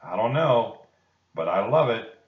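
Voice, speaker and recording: A bubbly, eager little girl, as a man reading aloud puts her on, lifting his voice well above its low base. She sounds distant and echoey, muffled as though from across a room. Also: moderate pace, lightly acted. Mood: delighted. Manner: bubbly, high and excited. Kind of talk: storybook read-aloud.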